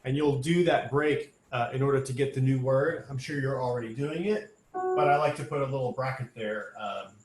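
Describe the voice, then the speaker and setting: In an online rehearsal recording, a choir director with a mid-range voice runs a sectional at a moderate pace. He talks the singers through the music patiently and step by step, using plenty of um and uh fillers, while instrument music sounds in the echoey room.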